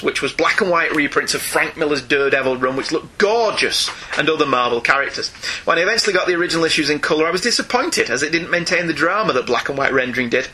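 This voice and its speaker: A man's voice: a little high, pushed and bright, slight background noise. A man co-hosting a casual podcast, reading listener emails aloud with frequent laughs and asides.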